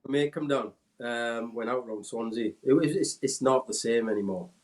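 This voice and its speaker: A Welsh man in his forties, a former footballer, telling animated anecdotes in casual chat and mimicking people in a raised voice. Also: moderate pace. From Wales. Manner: animated anecdotes, acts out quotes in a high voice. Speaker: former footballer, podcast guest. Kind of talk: casual storytelling.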